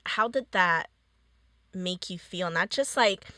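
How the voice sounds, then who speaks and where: A woman hosts a podcast and tells her own stories at an unhurried, drawn-out pace. Her voice is bright and forward. The recording is dry and close. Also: on the low side, dry recording. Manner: slow, drawn-out storytelling, quoting people. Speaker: podcast host. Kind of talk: casual interview chat.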